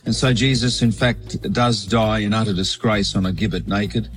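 A man, a bishop, giving a measured, explanatory weekly sermon reflection. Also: lowish voice, steady tone, faint music behind, low-quality recording.

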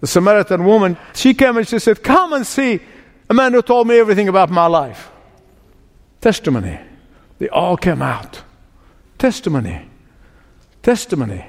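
High-voiced man preaching in a hall. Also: big pitch swings, moderate pace, long pauses. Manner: emphatic preaching with repeated words. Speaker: pastor. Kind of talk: sermon.

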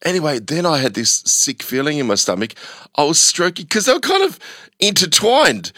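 Animated middle-aged male radio host. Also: brisk, no echo, clean studio sound. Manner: animated storytelling, voice jumping high when embarrassed. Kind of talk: casual radio chat. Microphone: studio microphone.

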